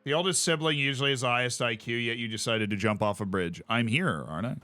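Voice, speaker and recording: A man streaming a game, telling stories in a casual, animated way and laughing often. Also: mid-range voice, fast talker, no room sound, soft background music. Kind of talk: casual chat while playing a game.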